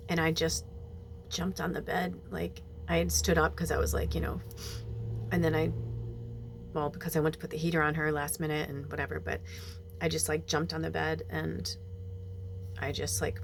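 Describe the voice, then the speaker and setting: A woman's voice: deep voice, vocal fry, slight background noise. A woman talking in a personal monologue, emotional and holding back tears, swearing as she goes. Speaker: spiritual medium.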